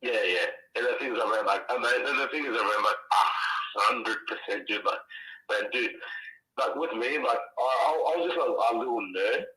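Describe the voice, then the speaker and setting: A man's voice: medium pitch, moderate pace, sharp tone, reverberant, poor audio. A man calling in to a podcast, gushing with thanks in a rambling, filler-heavy way and repeating himself a lot. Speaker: caller. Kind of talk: casual call-in chat.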